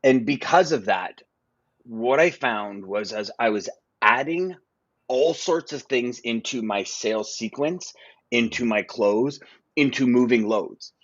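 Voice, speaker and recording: Animated man telling stories. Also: mid-range voice, slow, no room sound, highs cut off. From Canada. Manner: animated storyteller, frequent restarts. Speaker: guest, freight broker. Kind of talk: casual podcast conversation.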